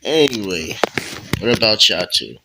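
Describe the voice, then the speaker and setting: Slow, low-voiced laid-back man. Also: lively intonation, gravelly, heavy background noise. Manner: laid-back, casual slang. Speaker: co-storyteller. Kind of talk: improvised role-play storytelling.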